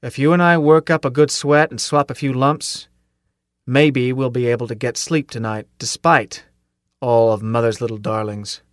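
A man voicing a gruff army captain who barks clipped orders. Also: mid-range voice, fairly even intonation, normal speed, no echo, studio quality, close to an everyday voice. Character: gruff barking army captain, commanding officer.

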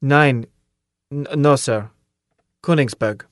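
A man's voice: mid-range voice, slow pace, dry recording, natural voice. Man putting on a German accent, polite young recruit, clipped formal words, dry close sound.

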